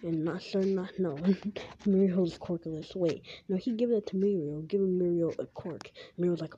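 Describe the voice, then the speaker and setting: Her voice is fairly low and mellow, and she talks a little slowly as she rambles through an invented story, stuffing it with "like" and restarting sentences partway through. A faint hiss sits under the dull, lo-fi recording.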